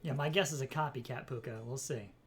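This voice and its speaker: Low-voiced woman joking through a game. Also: a little fast, faint music behind. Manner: wry, joking asides. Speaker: streamer. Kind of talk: casual gameplay commentary.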